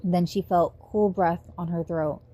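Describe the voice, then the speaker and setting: Woman narrator, amateur audiobook read on a phone, lowish mellow voice. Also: steady tone, measured pace.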